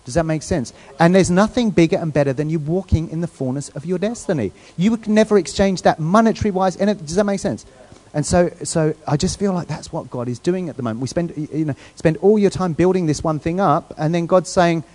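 A man's voice: on the high side, fast, warm tone. Chatty male preacher. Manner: conversational, asks the crowd questions, restarts often. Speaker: guest preacher. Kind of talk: sermon. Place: church.

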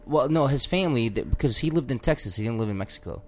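A man co-hosting a podcast, chatting casually about a movie in a rambling, excitable way with plenty of swearing. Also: medium pitch, quick pace. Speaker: podcast co-host. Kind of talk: casual chat.

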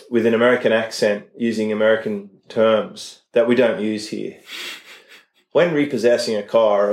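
A middle-aged Australian man chatting casually as a podcast co-host, telling animated stories. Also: lowish voice. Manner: animated storyteller, acts out others mid-story. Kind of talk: casual chat. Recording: roomy echo.

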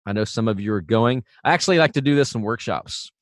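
A man teaching singing in a relaxed, chatty way, full of fillers and restarts. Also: mid-range voice, fast, dry recording, studio quality. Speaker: vocal coach. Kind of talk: casual instructional talk.

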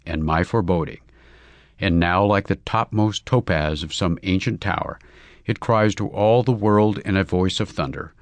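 A man voicing a bashful young English gentleman who speaks in long, florid declarations, in a storybook reading. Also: on the low side, no room sound, natural voice.

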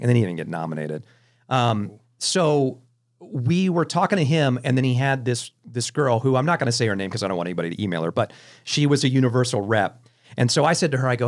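A man's voice: mid-range voice, a little fast. A man hosting a film podcast, telling stories in a casual, chatty way with many restarts. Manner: animated anecdotes with frequent restarts. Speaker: podcast host. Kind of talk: casual storytelling chat.

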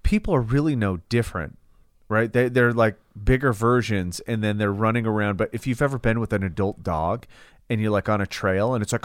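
Crude, lively male podcast co-host. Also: lowish voice, brisk, no echo, studio quality. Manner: profane, animated storytelling with exaggerated voices. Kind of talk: casual chat.

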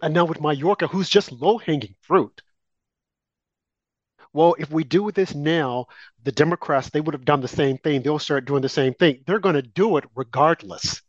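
A man's voice: fairly high pitch, moderate pace, no echo. A man co-hosting a political talk show, delivering emphatic, heated opinion commentary aimed at his co-host. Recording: dull, lo-fi and dry.

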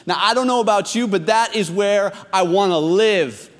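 A pastor in his thirties delivers a sermon in a church hall, starting conversationally before driving his point home with emphasis and building to exhortation. He speaks with a fairly high voice, lively intonation, and a moderate pace, barely pausing. A large hall's long reverb surrounds the recording.

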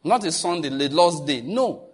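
A man preaching a sermon, talking to his listeners in an animated way, laughing often and asking them questions. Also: fairly high pitch, normal speed, breathy edge. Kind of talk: sermon teaching.

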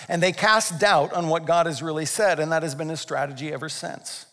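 Animated high-voiced man preaching a sermon. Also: in a large hall. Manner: animated, acts out voices, asks the audience questions. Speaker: pastor.

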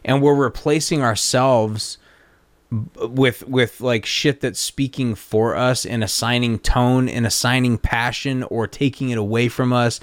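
A man's voice: mid-range voice, fairly even intonation, a little slow, dry recording. A man with a mid-range voice talks loosely on a podcast, full of "like" and curse words, drifting between thoughts. His voice sounds close and dry, recorded in a cluttered home studio. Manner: rambling, profane, lots of fillers. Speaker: podcast host. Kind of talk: casual podcast chat.

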